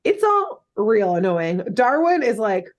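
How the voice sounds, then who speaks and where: A woman's voice: on the high side, very animated, unhurried. Laughing, chatty podcast co-host woman. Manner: jokey, laughs often, filler-heavy retelling. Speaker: podcast co-host recapping a cartoon. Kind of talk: casual chat.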